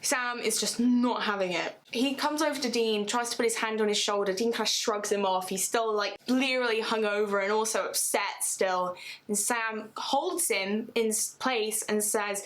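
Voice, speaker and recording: A woman casually retelling a fan story, chatty and animated, swearing freely as she goes. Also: mid-range voice, moderate pace, low-quality recording.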